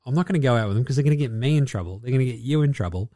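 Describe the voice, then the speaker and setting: A man putting on a grumpy, blunt teammate's voice, lower and quieter than his own. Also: lively intonation, very fast, no echo, clean studio sound, lightly acted. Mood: annoyed refusal. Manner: gruff, blunt. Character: fed-up grumpy male teammates.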